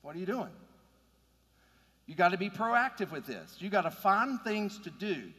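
A man's voice: high voice, sing-song, moderate pace, pushed and bright, breathy edge, long reverb tail. A man preaching a sermon in an earnest, conversational way, building to emphatic points. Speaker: pastor.

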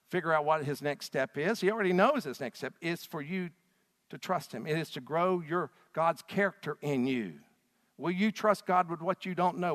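A pastor preaches a sermon, telling scripture stories dramatically and acting out the quotes, swinging widely between loud and soft. His voice is on the high side, and the sound is that of a big room.

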